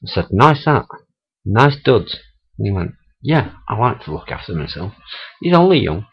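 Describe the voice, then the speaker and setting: A middle-aged man tells his stories in a casual, chatty way, laughing and swearing as he goes. His voice sits low and a little husky. The sound is dull and lo-fi, like an old camera mic. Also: sing-song, moderate pace. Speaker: vlogger. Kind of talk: casual storytelling monologue.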